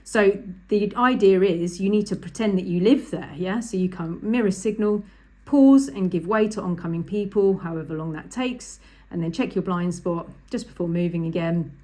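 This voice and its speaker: A woman's voice: on the low side, moderate pace, mellow. A woman, a driving instructor talking through a lesson over drawings, chatty and emphatic, repeating the key points.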